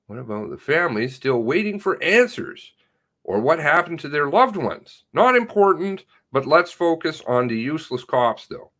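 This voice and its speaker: Sarcastic ranting man, high lively voice. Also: moderate pace. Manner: sarcastic and ranting, mocking the police in put-on voices. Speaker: online commentator. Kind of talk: livestream commentary.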